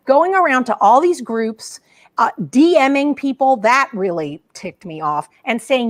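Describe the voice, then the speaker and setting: A woman's voice: fairly high pitch, expressive, unhurried. A woman co-hosting a casual chat show, frank and fired up as she vents. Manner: frank, fired-up ranting, drawling. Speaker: co-host.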